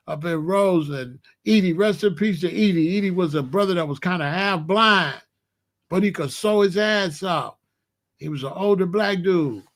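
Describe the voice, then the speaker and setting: A man from Alabama, hosting and telling a story in a chatty, animated way and laughing often. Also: high voice, moderate pace. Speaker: host. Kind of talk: casual storytelling.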